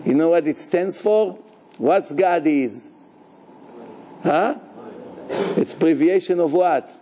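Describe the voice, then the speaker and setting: Crowd noise surrounds a rabbi delivering a live Torah lesson; his voice is fairly high and he takes his time. He's playful and humorous, asks his listeners questions, and mixes in Hebrew terminology.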